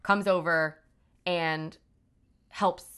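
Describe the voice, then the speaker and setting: A woman's voice: on the low side, fairly even intonation, extremely slow, fairly bright tone, smooth. A woman hosting a podcast, retelling events in a loose, casual way with lots of "like" fillers. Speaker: podcast host. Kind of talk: casual storytelling.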